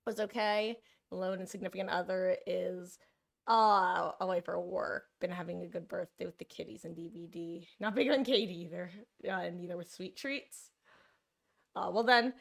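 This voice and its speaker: Rambly streamer lady, kinda gravelly fry, mid pitch, chatting w/ her viewers at home. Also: pushed and bright. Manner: rambling, self-deprecating, chatty with frequent fillers. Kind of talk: casual live-stream chat. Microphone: desk mic, monitoring own audio.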